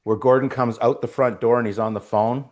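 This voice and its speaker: A man's voice: mid-range voice, fairly quick. A man telling a story in a casual interview as the guest, acting out the voices of the people in it. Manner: animated storyteller, acts out voices. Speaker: actor guest.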